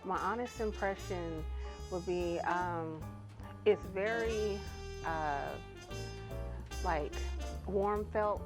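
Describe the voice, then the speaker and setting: Hesitant low-voiced woman interviewee. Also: drawn-out words, long pauses, music in the background. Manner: hesitant, many fillers, gentle. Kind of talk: interview talk.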